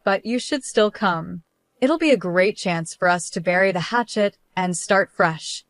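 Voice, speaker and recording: A smug, spiteful woman with a syrupy, falsely sweet way of talking, read by a woman narrator. The delivery stays at a middling pitch. The sound is dry and close. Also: a little slow, dry recording, natural voice. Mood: sugary, mocking. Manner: overly sweet, fake concern. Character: smug spiteful woman, sister-in-law type.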